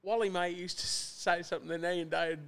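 A man's voice: high-pitched, fairly even intonation, fast talker, gravelly, fairly bright tone. A man co-hosting a casual sports chat, listing his favourites with enthusiasm and swearing back at his mate. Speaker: co-host.

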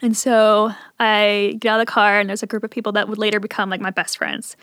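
A woman's voice: medium pitch, flat delivery, brisk, fairly bright tone, dry recording. A woman from Virginia with a Southern accent mixed with West Coast and Midwest traces, telling stories in a chatty, laughing way as a podcast guest. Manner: chatty, laughs often, frequent "like" fillers. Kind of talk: casual storytelling chat.

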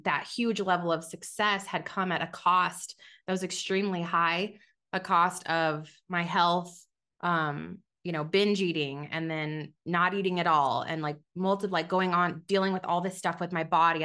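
Woman in her thirties, podcast guest, candid testimony, bright forceful tone, slightly low pitch. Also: steady tone, moderate pace. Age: 30s. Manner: candid, conversational, with many fillers and restarts. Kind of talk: personal testimony.

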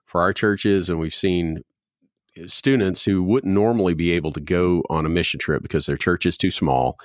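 Casting: very low male voice, easygoing podcast host, dry mic. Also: moderate pace, no room sound. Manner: easygoing, leads the discussion. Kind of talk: casual podcast chat.

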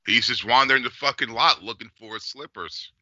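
A man's voice: mid-range voice, fairly quick, sharp tone, no echo. A man chatting casually on a podcast, blunt and heavily profane, with slangy reactions. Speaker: podcast co-host. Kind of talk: casual chat. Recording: dull, slightly lo-fi dry studio sound.

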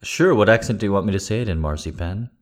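This livestream host has a fairly low, expressive voice and talks fast. Reading patron requests, he chats in a rambling way, thanking supporters with jokes and plenty of profanity.

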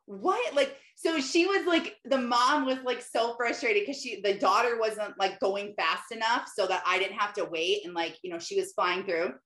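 A woman hosting a casual mindset podcast, telling stories in a chatty, animated way full of filler words. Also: medium pitch, normal speed, hardly any pauses. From Michigan, United States. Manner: chatty, lots of "like", animated storytelling. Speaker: podcast host. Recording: roomy echo with faint music.

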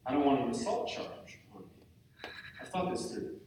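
A man's voice: high-pitched, big pitch swings, takes it slowly, long pauses, far from the mic, noisy background. Joking man speaking in an echoey hall. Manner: candid, joking, self-deprecating. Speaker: retreat speaker. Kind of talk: talk to a live group. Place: large room with an audience. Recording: echoey hall, mic from afar.

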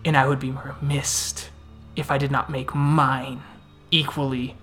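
A man's voice: medium pitch, level tone, fairly bright tone, soft background music, lightly acted. A man playing a menacing vampire prince. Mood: cold menace. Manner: cold, threatening, measured.

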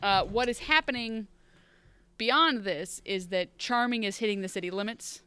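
A woman's voice: medium pitch, normal speed, bright, forceful tone, smooth. Rambling, wry woman podcaster. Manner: rambling, self-interrupting, wry and emotional. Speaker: podcast co-host recapping a TV episode. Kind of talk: casual chat.

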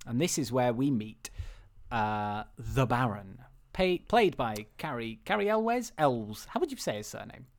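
A man's voice: medium pitch, lively intonation, a little slow. A young man co-hosting a casual film chat, rambling with lots of restarts and frequent laughter. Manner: rambling, laughs often, many restarts and fillers. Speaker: podcast co-host.

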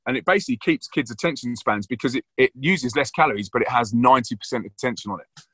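A man's voice: mid-range voice, animated, a little fast, fairly bright tone, slightly rough, no echo. A man, a guest speaker on a video call, telling stories with earnest, preaching enthusiasm. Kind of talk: animated storytelling on a video call.

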